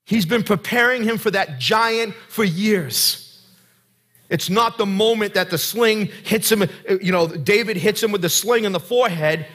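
A man's voice: high-pitched, measured pace, fairly bright tone. A man preaching a sermon as pastor, earnest and conversational, putting direct questions to the congregation.

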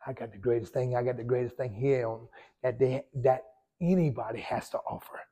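A male pastor, preaching a sermon and telling a story with sudden loud surges and hushed drops. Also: medium pitch, a little fast.

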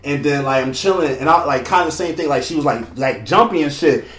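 A young man talking fast and swearing in a casual chat among friends, jumping in often. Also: a little high, a bit bright, echoey room.

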